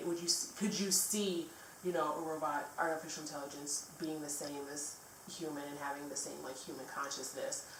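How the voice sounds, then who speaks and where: A woman's voice: deep voice, slight background noise. A woman vlogger chatting casually about a film, rambling with many fillers and restarts. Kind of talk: casual chat. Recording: echoey room, mic at a distance.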